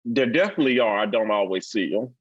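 A man in his forties with a Mississippi accent, a guest in a casual interview who tells stories bluntly and talks fast. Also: on the low side, slightly rough, no echo. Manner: blunt, animated storyteller, fast-talking. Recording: dull lo-fi dry recording.

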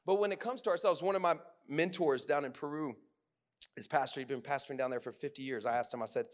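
A man preaching a sermon in a casual, conversational way, full of fillers, swinging from loud bursts to hushed lines. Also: fairly high pitch, quick pace.

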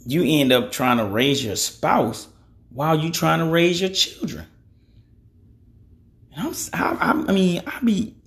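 Gravelly-voiced blunt man in his thirties. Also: fairly high pitch. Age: 30s. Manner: blunt, cussing, conversational; frequent "you know" fillers. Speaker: podcast host. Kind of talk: opinion monologue.

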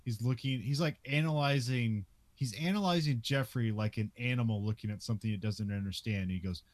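A man's voice: medium pitch, brisk, no echo. Chuckling man recapping a film. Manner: laughs often, recaps the plot. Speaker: podcast co-host. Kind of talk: casual film discussion.

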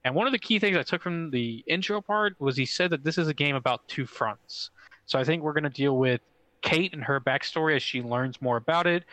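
A young man co-hosting a casual gaming podcast, telling stories excitedly with lots of fillers. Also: a little high, dry recording, low-quality recording. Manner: excitable, fast storytelling with swearing and many fillers. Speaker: podcast co-host.

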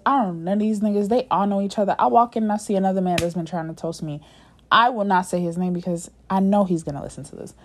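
Mid-range and a little mellow, a young woman's voice tells her podcast listeners a dating story, blunt, profane and dramatic, with occasional near-whispered asides.

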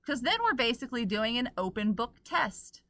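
Bright, animated woman explaining. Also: on the high side, moderate pace, dry recording. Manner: earnest, explaining, laughs along. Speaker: podcast co-host. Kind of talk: casual chat.

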